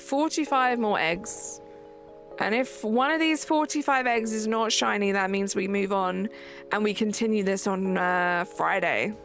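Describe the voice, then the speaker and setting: A woman's voice: mid-range voice, lively intonation, measured pace, gravelly, fairly bright tone. A young woman live streaming at home on a desk mic, chatting casually, reading chat aloud and joking back. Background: faint game music.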